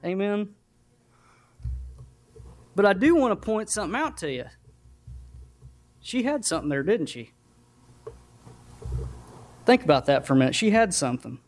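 Man preacher, fairly high voice, homespun and self-deprecating, church sermon. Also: sing-song, normal speed, pauses often. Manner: folksy, self-deprecating, earnest. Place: church sanctuary.

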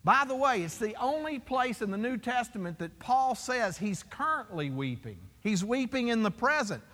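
A man's voice: very high voice, very animated, moderate pace, a bit bright. A man preaching a sermon as pastor, emphatic and full of rhetorical questions to his congregation. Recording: long hall reverb.

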